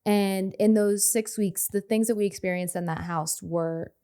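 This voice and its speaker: A woman's voice: medium pitch, fairly even intonation, normal speed, dark tone, clean tone. A young adult woman, a podcast guest, telling a heartfelt personal story in casual conversation. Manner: earnest storyteller who acts out quoted dialogue.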